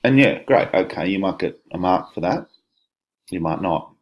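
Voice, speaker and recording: Low-voiced male teacher. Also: expressive, moderate pace. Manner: conversational, explanatory, many fillers and restarts. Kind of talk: exam walkthrough lesson.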